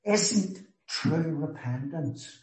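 Slow, earnest man preaching in an echoey room. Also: on the high side, lively intonation. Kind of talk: sermon.

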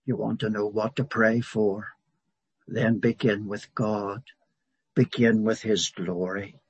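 A man preaching a sermon in a slow, emphatic way, swelling louder on key words. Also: lowish voice, steady tone, breathy edge, dry recording.

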